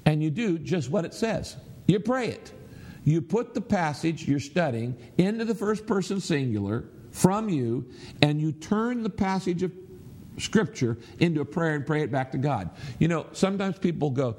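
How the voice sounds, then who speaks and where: A middle-aged man delivers a sermon with earnest emphasis, now and then slipping into a prayerful tone. His voice sits a little high for a man and carries a husky, slightly breathy edge. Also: expressive, moderate pace, a little mellow. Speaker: pastor. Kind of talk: sermon teaching.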